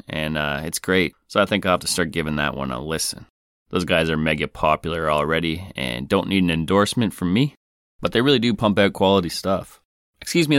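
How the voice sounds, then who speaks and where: This man hosts a podcast and reads out letters from listeners, his very low voice smooth and resonant, his tone wry and deadpan. The recording is dry and intimate, with no surrounding room sound.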